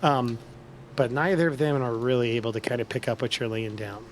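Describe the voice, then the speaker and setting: A man's voice: mid-range voice, fairly quick, a little hiss or hum. A man as game master, narrating a tabletop game with loose, filler-heavy phrasing.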